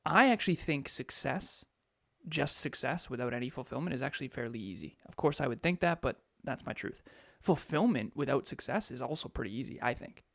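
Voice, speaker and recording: A man co-hosting a podcast and coaching, talking in an animated, emphatic way and laughing often. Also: medium pitch, a little fast, gravelly, no echo, studio quality. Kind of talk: casual podcast chat.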